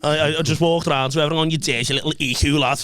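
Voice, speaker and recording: A man's voice: fairly high pitch, fairly quick, crowd noise. A young man with a Liverpool accent, a podcast host and comedian telling stories in casual chat, swearing freely and laughing often.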